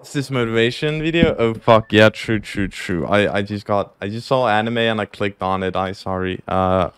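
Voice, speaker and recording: A young man streaming games live, chatting casually, swearing a lot and reacting loudly to what happens on screen. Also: fairly low pitch, moderate pace, noisy background. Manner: excitable, profane, laughing, reacting loudly to the game.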